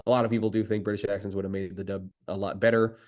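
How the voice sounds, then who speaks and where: Low-pitched guy giving a casual interview, stops and starts a lot. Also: level tone, racing, a little mellow. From United States. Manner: hesitant, many fillers and restarts. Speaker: voice actor guest.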